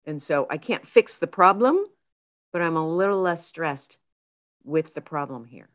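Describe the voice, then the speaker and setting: Guesting on a podcast, a woman who is a therapist and author tells stories casually and expressively, acting out her own inner voice. She speaks a little slowly in a low register.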